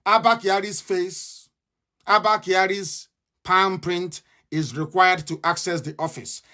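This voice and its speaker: A man's voice: high-pitched, steady tone, slow pace, sharp tone. A man with a Nigerian accent giving a combative, mocking live radio address, repeating his points again and again. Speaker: radio broadcaster.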